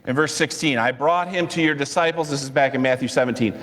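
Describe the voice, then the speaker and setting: A man preaching a sermon as pastor, telling stories in a lively way and acting out quotes with sudden high-pitched outbursts. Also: quick pace. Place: church sanctuary. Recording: church sanctuary with long reverb.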